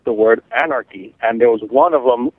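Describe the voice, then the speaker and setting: A man's voice: medium pitch, fairly quick, no room sound. Matter-of-fact man on a tinny phone line. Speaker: radio show contributor reporting survey results. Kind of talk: casual on-air report.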